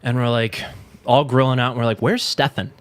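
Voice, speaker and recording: A man's voice: steady tone, brisk, dry recording. A man co-hosting a podcast in casual chat, laid-back and swearing freely. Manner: laid-back, swears freely, mocks presenters in a high goofy put-on voice. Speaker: podcast co-host.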